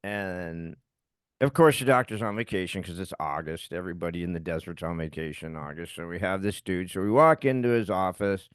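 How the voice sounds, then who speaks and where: Here a middle-aged co-host on a podcast rants through a personal anecdote with plenty of swearing and acted-out quotes. The voice is low-pitched, brisk and smooth, and the recording is dry.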